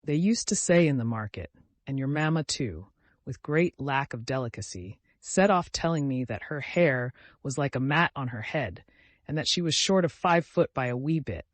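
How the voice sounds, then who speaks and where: Curt sneering young manservant, as a narrator reads him, very dry sound. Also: male voice, mid-range voice, lively intonation, normal speed, dry recording, lightly acted. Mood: disdainful. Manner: curt, disdainful. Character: sneering young male lackey, bitter and conceited.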